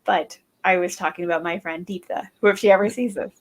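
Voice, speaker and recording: A woman's voice: fairly low pitch, steady tone, fast talker. Giggly woman hosting a stream. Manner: giggly, chatty. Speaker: host. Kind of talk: casual chat on a live stream.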